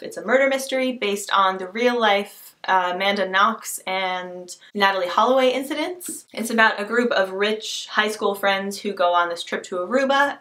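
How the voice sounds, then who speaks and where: A woman with a bright, clear voice chats to her camera about books she loves. She gushes and teases herself in a casual vlog. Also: medium pitch. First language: not Scottish, cannot do the accent. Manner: gushing, expressive, self-deprecating. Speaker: book vlogger. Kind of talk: casual book tag vlog.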